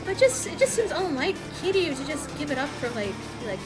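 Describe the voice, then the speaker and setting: Young woman streaming a game, high voice, swears a lot, game music going behind her. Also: normal speed. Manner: expressive, swears freely, ranting. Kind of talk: casual gameplay commentary.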